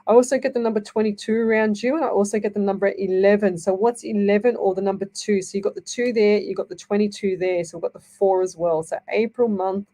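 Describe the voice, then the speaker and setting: Mellow-voiced woman psychic host. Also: medium pitch, steady tone, fast, few pauses. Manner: reassuring, rambling, tags phrases with "okay?". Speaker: psychic medium radio host. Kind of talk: live psychic reading show.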